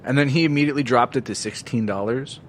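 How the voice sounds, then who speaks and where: A man's voice: medium pitch, fast talker, a little hiss or hum. A man co-hosting a casual podcast, laid-back, often answering with short agreements and swearing casually. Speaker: podcast co-host. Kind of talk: casual chat.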